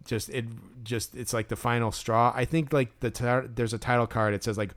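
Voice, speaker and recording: A man's voice: mid-range voice, little pitch movement, moderate pace, fairly bright tone. A man co-hosting a podcast, telling a story in casual chat with lots of fillers and restarts. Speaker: podcast co-host.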